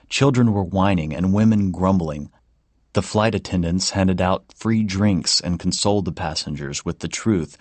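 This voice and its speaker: A man narrating an audiobook in a calm, measured manner. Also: deep voice, no echo. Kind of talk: scripted narration.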